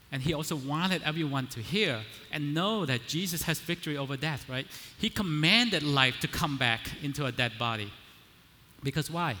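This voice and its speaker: A male preacher with a bright, forceful, slightly high voice delivers a conversational sermon, often checking in with his listeners. He builds up to emphatic declarations, and his voice rings with a long reverb in a large hall. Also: a little hiss or hum.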